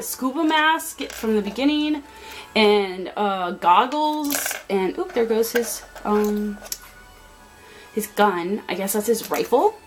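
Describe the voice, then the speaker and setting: A young woman giving a rambling, excitable tour of her art desk at home, talking into a handheld camera. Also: fairly high pitch, low-quality recording. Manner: chatty, rambling, excitable, many fillers. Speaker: artist showing her workspace. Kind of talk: casual vlog tour. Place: home desk area, indoors.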